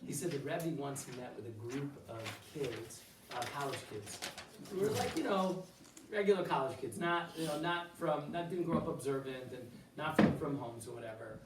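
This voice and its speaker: A man gives an informal Torah class, voice a touch higher than most, tossing out rhetorical questions and quoted Hebrew. He sounds set back from the mic in a roomy hall with a faint hum of ambience. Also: normal speed, far from the mic. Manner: animated, full of rhetorical questions and asides; mixes in quoted Hebrew phrases. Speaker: rabbi teaching a class. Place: synagogue hall.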